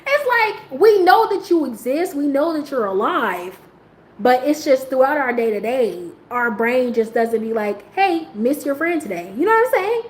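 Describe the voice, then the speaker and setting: A woman's voice: very animated, normal speed. Chatty woman with a slangy, laughing ramble. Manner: laughing often, jumping into high squeals when quoting herself; slang-heavy, rambling, trailing off quietly. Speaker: host. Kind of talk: casual chat. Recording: echoey room with faint ambient noise.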